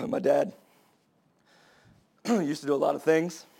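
Impassioned high-voiced male preacher. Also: slow pace, gravelly, dark tone, husky. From United States. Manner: impassioned, rising to high emphatic cries. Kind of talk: sermon.

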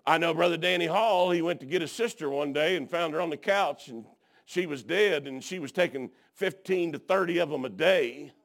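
A man with a slightly high voice preaches a folksy sermon at normal speed, telling stories, dropping frequent amens, and swinging between hushed tones and shouting.

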